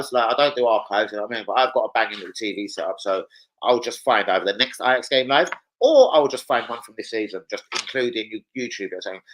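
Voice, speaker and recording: A young man with a London accent hosts a casual livestream from indoors at home, reading comments and swearing freely in laddish banter. His voice is mid-range with a fairly bright tone, and the recording quality is low.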